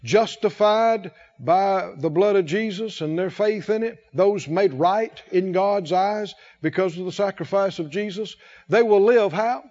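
A man's voice: high voice, normal speed, darkish tone, highs cut off. A man preaching a sermon in church, quoting scripture and calling on the congregation to answer him. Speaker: pastor.

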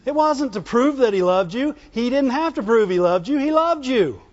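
A man's voice: extremely high pitch, animated, normal speed, long reverb tail, lo-fi sound. A man preaching a sermon in a folksy, call-and-response way, asking the congregation to answer back.

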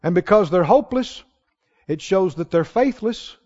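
A man preaching a sermon to a congregation, calling out questions and rising to shouts. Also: sits high, expressive, normal speed. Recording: dull hall recording with long reverb.

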